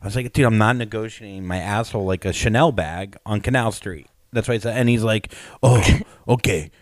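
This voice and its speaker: A man's voice: fairly low pitch, fast talker, no echo. Man rambling through a comic story. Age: late 30s. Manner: rambling, self-mocking anecdotes with laughs. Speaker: podcast host, comedian. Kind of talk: casual storytelling chat.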